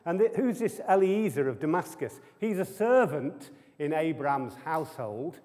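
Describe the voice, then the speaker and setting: A man's voice: on the high side, big pitch swings, normal speed, dark tone. A man preaching a sermon to a live audience, chatty and full of rhetorical questions and humorous asides. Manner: conversational, keeps asking the audience rhetorical questions. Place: church hall with an audience. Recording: long hall reverb.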